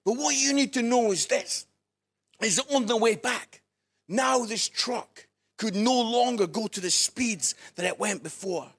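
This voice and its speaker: A man preaching a sermon, telling a funny story in an animated, playful way and laughing at his own jokes. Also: very high voice, measured pace, breathy edge.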